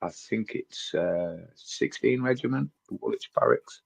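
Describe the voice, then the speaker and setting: A man's voice: lowish voice, lively intonation, measured pace, vocal fry. A man, co-hosting a casual podcast, teasing in a dry, wry way. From northern England. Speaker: co-host.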